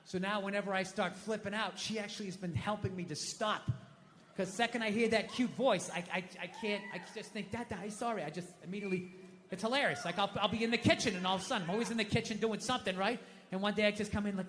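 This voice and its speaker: American comedian yelling bits on stage, high sharp voice, big reverby room. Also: male voice, fast talker, noisy background. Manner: loud ranting, profane, mock outbursts. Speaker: stand-up comedian. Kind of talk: stand-up comedy. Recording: live venue with long reverb.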